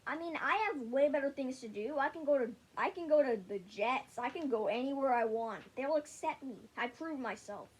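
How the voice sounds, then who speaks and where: A woman's voice: high voice, expressive, moderate pace, hardly any pauses, husky, pitched below the performer's own voice, poor audio. A woman briefly playing a cocky male veteran quarterback who brushes things off and boasts about himself. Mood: boastful.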